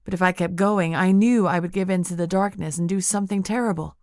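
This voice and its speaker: A woman reading first-person narration of an audiobook in a measured, intimate way. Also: lowish voice, steady tone, a little mellow, no room sound, studio quality.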